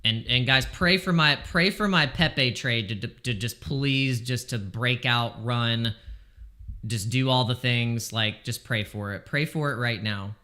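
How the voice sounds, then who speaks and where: A man live-streaming crypto trades in casual chat, excitable and exasperated, swearing freely as he talks. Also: medium pitch, unhurried.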